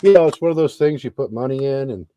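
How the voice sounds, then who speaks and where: A middle-aged man and Army veteran telling a story in a casual interview, animated and swearing freely. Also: medium pitch, fast talker, a little hiss or hum.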